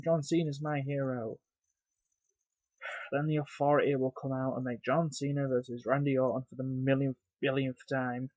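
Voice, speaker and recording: A man delivering a profane, exasperated rant as a video review, sighing often between complaints. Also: no room sound. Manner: loud and emphatic at first, then grumbling and lower. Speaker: wrestling reviewer.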